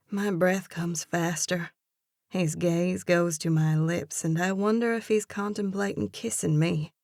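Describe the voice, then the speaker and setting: A woman narrating a first-person romance audiobook with an expressive, lively character reading. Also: lowish voice, no room sound, studio quality.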